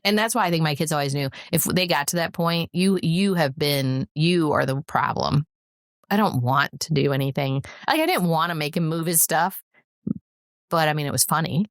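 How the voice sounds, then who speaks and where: Woman, middle-aged, low voice, blunt, laughs a lot, casual podcast chat, dry close sound. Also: expressive, moderate pace, no echo. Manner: blunt, laughs often while telling stories. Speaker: podcast co-host.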